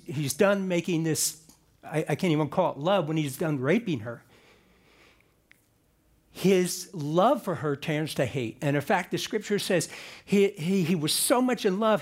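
A man with a fairly high voice preaches a conversational sermon. He retells scripture like a lively storyteller, slipping in jokes and restarting his sentences as he goes. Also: unhurried. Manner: animated storyteller with joking asides and frequent restarts.

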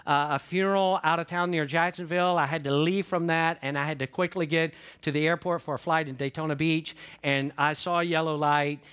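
An older man, a pastor preaching a folksy, animated sermon and asking the congregation questions. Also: fairly high pitch, fairly quick, few pauses, clean tone.

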